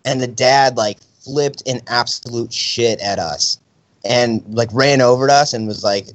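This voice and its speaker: A young man casually chatting as a podcast co-host, telling an animated story and acting out the people in it. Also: medium pitch, moderate pace, no echo. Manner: animated storyteller, acts out quotes. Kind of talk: casual chat. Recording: dry, slightly dull sound.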